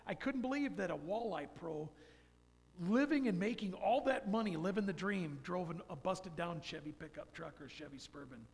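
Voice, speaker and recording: A man's voice: high voice, animated, moderate pace, gravelly, breathy edge. A man in his fifties giving a folksy, rambling personal testimony in church. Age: 50s. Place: church sanctuary. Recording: long church hall reverb.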